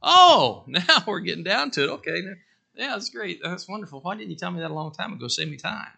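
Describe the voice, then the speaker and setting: A male pastor preaching a sermon, swinging from loud declarations to hushed asides and acting out quotes. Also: high-pitched, very animated, a little fast, gravelly.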